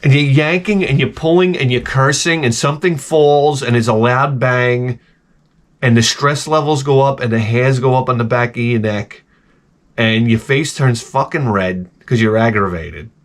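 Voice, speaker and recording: A man rants casually to the camera, swearing often and sounding thoroughly fed up. His voice sits at an ordinary mid pitch. He spins everyday complaints into stories and acts out the people in them with over-the-top voices. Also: normal speed. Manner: profane, exasperated storytelling; acts out voices in exaggerated bursts. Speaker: video host. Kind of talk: casual ranting monologue.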